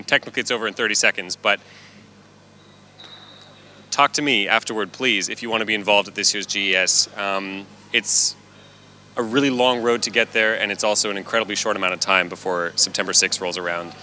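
A male session host with a low voice that is very bright and sharp. He sounds upbeat and thankful and uses a few fillers. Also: slight background noise. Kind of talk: hosting a conference workshop.

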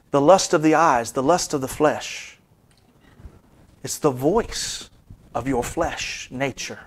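Preacher, man, 50s, high-pitched voice, sermon delivery with animated rises and hushed asides. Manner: animated preaching, dropping to soft asides then rising high.

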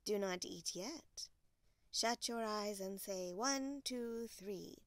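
A woman voicing a sly male cat in a storybook, speaking low and hushed. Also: slow pace, no room sound.

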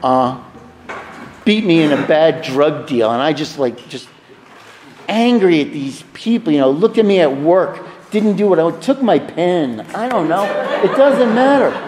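A man's voice: fairly high pitch, lively intonation, measured pace, darkish tone, a faint crowd, a little hiss or hum. A man speaking frankly and with wry humor at a recovery meeting. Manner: frank, confessional, wryly humorous. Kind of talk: personal recovery talk. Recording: reverberant hall.

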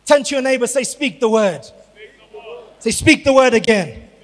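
A man from South Africa, a pastor preaching a sermon, building up to shouted emphasis. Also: very high-pitched, lively intonation, moderate pace. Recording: long hall reverb.

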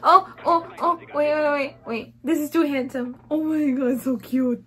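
Excitable young woman gushing over music. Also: sits high, normal speed. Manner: gushing, exclamatory, slips into Japanese words. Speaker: reaction video host. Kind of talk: excited music video reaction. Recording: faint music behind.

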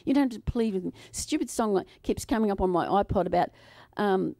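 A woman preaching a sermon to a congregation in an animated, playful way, often laughing and acting out voices. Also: mid-range voice, quick pace, vocal fry, few pauses, dry recording. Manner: acts out quoted voices.

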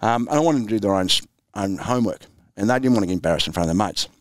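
A man's voice: on the low side, racing, dry recording, studio quality. An Australian man in his sixties, a former footballer and coach, telling anecdotes in a laid-back, chuckling interview style. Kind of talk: storytelling interview.

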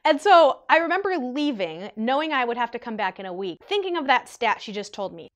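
A woman in her twenties telling an animated, chatty storytime vlog to her viewers. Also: on the high side, fairly quick. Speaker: vlogger.

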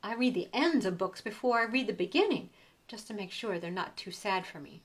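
A woman voicing a timid, gentle hedgehog in a storybook read-aloud, speaking softly and shyly. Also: medium pitch, expressive, fairly quick, natural voice.

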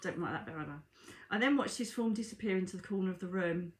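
A woman's voice: lowish voice, quick pace. A woman, a psychic medium, reading aloud from her own book and breaking off for chatty asides to viewers she calls darlings. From Britain. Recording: echoey room.

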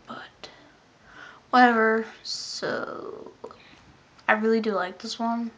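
A woman casually rambling through a makeup vlog. She often trails off into soft mutters. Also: a little high, level tone, slow pace, pauses often. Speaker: makeup vlogger. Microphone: phone. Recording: lo-fi phone recording.

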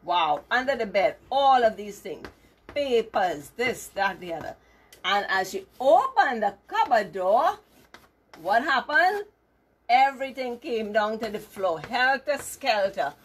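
A woman telling a moral story to children as a teacher, animated and asking them questions as she goes. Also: a little high, husky.

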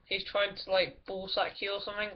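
A woman's voice: medium pitch, flat delivery, brisk, a little hiss or hum. A woman chatting casually over a video game, giggly, rambling and full of crude jokes. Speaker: gameplay commentator. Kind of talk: casual gaming commentary with friends. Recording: lo-fi recording with clear background music.

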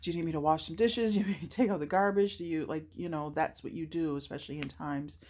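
Woman, forties, slightly low voice; earnest, emotional personal testimony, lots of fillers. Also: fast, darkish tone. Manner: earnest, heartfelt, with frequent fillers. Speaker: convert sharing her faith story.

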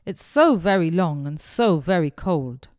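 A woman's voice: fairly low pitch, expressive, measured pace, a little mellow, no echo, clean studio sound. A woman voicing a sad, cold giraffe in a picture-book reading, wishful and plaintive. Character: sad cold female giraffe with a long neck.

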